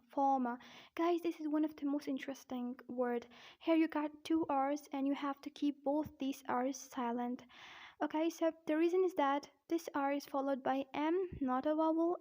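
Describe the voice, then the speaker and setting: High-voiced woman teaching pronunciation. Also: a little mellow. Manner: repeats example words, addresses viewers as guys. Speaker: English accent teacher. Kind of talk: pronunciation lesson.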